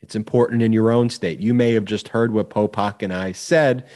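A man's voice: fairly low pitch, fairly even intonation, normal speed, darkish tone. A man co-hosting a law podcast, sharing a legal war story in a casual, somewhat hesitant way with fillers. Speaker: podcast co-host, civil rights lawyer.

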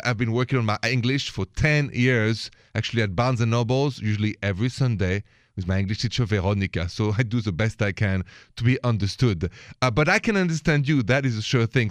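A man's voice: medium pitch, no echo, clean studio sound. A man with a French accent hosting a radio advice show on love and relationships, taking callers in careful, friendly English.

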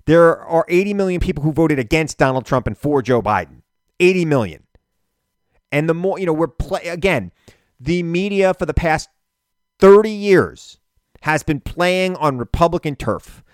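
A man hosting a political show, delivering an animated, indignant monologue full of rhetorical questions. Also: fairly high pitch, normal speed, smooth, no echo, studio quality. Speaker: political radio and podcast host.

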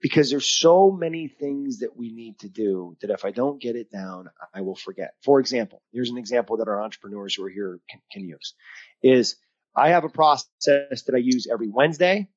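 A man's voice: medium pitch, fairly quick, lo-fi sound. A man co-hosting a podcast as a mental performance coach, talking with emphatic coaching energy over a video call. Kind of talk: casual podcast chat.

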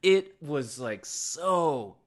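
A man's voice: fairly high pitch, drawn-out words. A young adult man co-hosting a podcast, retelling a film scene by scene and acting out the characters' lines. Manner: animated retelling with acted-out lines. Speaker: podcast co-host. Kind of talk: casual movie recap chat.

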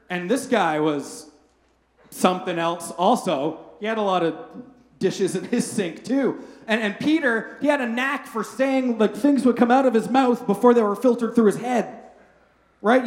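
A male pastor with a fairly high voice delivers a family sermon in a roomy, echoing space. He tells self-deprecating stories in a casual, joking way, often checking in with the congregation. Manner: casual, humorous storytelling with frequent "right?".

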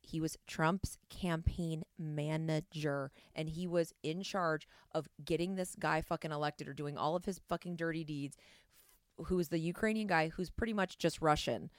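A woman co-hosting a podcast, chatting bluntly and profanely about politics with quick interjections. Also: low-pitched, steady tone, dry recording, clean studio sound. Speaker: podcast co-host. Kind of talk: casual political chat.

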